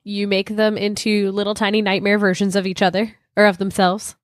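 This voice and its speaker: A woman guest on a casual podcast, dropping dry, deadpan quips. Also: medium pitch, fairly quick, dry recording. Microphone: studio podcast mic.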